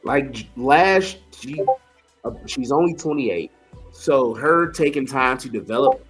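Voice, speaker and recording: A man's voice: medium pitch, animated, a little slow, fairly bright tone, faint music behind. A man co-hosting a casual wrestling chat, talking in a laid-back, dry way. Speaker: podcast co-host.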